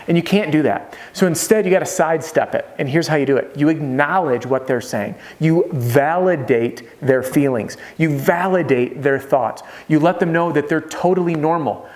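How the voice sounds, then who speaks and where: Punchy, fast-talking male sales coach. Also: mid-range voice. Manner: punchy, conversational, acts out dialogue with homeowners. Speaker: sales trainer for roofers. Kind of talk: energetic sales training talk to camera.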